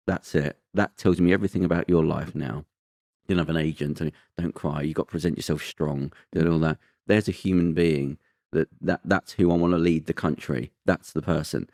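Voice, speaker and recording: A man hosting a casual podcast chat, telling rambling, emphatic stories in an animated way. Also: sits low, brisk, no echo, clean studio sound. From Britain. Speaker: podcast host.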